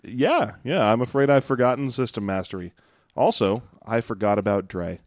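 A man's voice: medium pitch, normal speed, dry recording, studio quality. A man co-hosting a comedy podcast, rambling through jokes and silly tangents in casual banter. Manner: jokey, rambling, jumps into silly bits. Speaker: podcast co-host.

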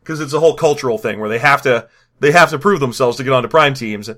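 A man's voice: mid-range voice, quick pace, fairly bright tone. A man co-hosting a casual chat about a tabletop game, joking and laughing often and restarting his sentences. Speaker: podcast co-host.

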